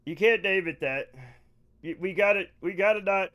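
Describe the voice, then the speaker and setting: A man streaming a video game live, chatting to viewers in an excitable way with loud bursts of enthusiasm. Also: high-pitched, normal speed.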